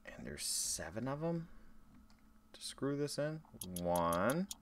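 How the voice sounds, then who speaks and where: A man's voice: medium pitch, very animated, slow, slight background noise. A man streaming a game, chatting casually with his viewers between tasks. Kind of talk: casual live-stream chat while gaming.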